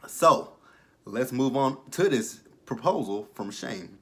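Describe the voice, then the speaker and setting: A man's voice: medium pitch, slow pace. Fired-up man ranting about reality TV. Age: around 30. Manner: animated, profane, rambling asides. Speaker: reality TV reviewer. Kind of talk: casual commentary.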